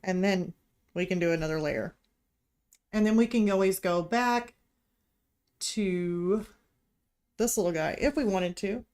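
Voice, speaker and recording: A woman's voice: mid-range voice, measured pace, pauses often, darkish tone, clean tone. Chatty Missouri woman teaching painting. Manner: chatty, thinking aloud while working. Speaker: art instructor. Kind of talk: live-stream painting tutorial. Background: heater hum.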